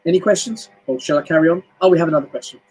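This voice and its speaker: A husky, fairly high-pitched British man talking on a home live stream. He gives a motivational talk in a chatty, animated way and keeps leaping up into high, emphatic exclamations. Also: rapid-fire, low-quality recording. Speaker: motivational speaker. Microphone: home live stream mic.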